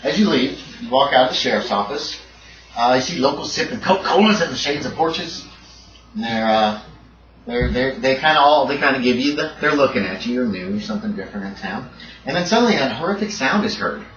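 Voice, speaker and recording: A man's voice: mid-range voice, expressive, fairly bright tone. Brief: man running a tabletop game, recorded from afar in an echoey room. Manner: descriptive, halting with fillers. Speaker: game master. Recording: dull echoey room, far from mic.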